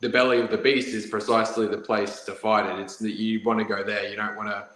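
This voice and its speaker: A man's voice: lowish voice, flat delivery, quick pace, a bit bright. An Australian man co-hosting a casual podcast, talking in a rambling, hesitant way with lots of fillers. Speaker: podcast co-host. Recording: echoey room.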